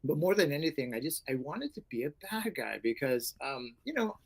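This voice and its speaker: A middle-aged man, an actor and karate instructor, telling stories in a casual interview, animated and acting out voices, with many fillers. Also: on the high side, a little fast, breathy edge, poor audio.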